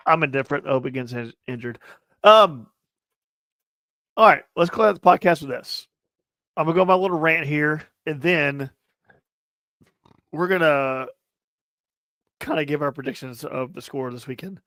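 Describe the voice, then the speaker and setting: A young man co-hosting a casual sports podcast, ranting loudly and profanely with a lot of repetition. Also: on the high side, moderate pace, pauses often, dry recording. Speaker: podcast co-host.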